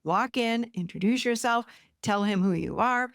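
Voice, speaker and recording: A woman's voice: a little high, normal speed, dry recording, studio quality. A woman podcast host and therapist telling a client story in a casual, chatty way, often addressing listeners directly.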